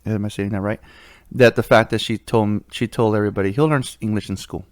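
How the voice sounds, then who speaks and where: A man hosting a podcast in casual chat, relaxed and laid-back, steering the talk. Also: fairly low pitch, fast talker, no echo, studio quality. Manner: relaxed, laid-back, says bro a lot. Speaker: podcast host.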